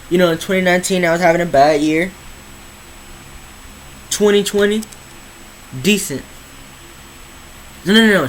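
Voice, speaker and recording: A man's voice: high-pitched, fairly bright tone, slight background noise, rough recording. A teenage boy vlogging casually, rambling and repeating himself with slang. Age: teens. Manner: rambling, slangy, repeats words, drawls some phrases slowly. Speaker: YouTuber. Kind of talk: casual vlog monologue.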